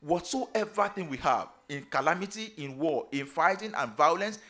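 A man's voice: on the high side, expressive, moderate pace, pushed and bright. Preaching man with emphatic declarations. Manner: preaching with emphatic rising declarations and repeated phrases. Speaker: pastor. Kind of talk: sermon.

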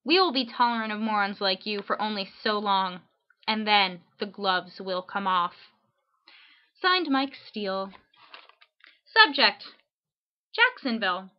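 Slow, dry woman reading letters aloud. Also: medium pitch, animated, dull audio.

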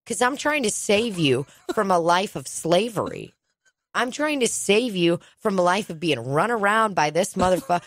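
A young woman co-hosting a podcast, chatting casually and telling animated stories, mimicking people and swearing freely. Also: medium pitch, normal speed, dry recording. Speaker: podcast co-host. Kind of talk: casual comedic chat.

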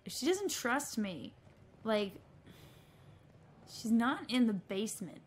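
A woman's voice: a little high, big pitch swings, takes it slowly, slight background noise. A woman playing a video game in casual let's-play chat, playful and reading in-game text aloud.

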